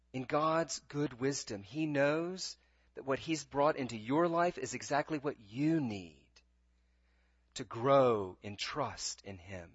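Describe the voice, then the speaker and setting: A man's voice: a little high, a bit bright, no room sound. Earnest stammering male preacher, dull dry sound. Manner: earnest, pleading, with frequent stammered restarts. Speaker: pastor. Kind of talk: sermon.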